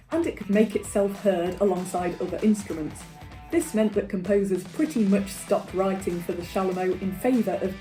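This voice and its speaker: Woman vlogger, wry and self-mocking, warm mellow voice, faint music behind. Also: medium pitch. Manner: self-deprecating, dry humour. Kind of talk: casual instructional vlog.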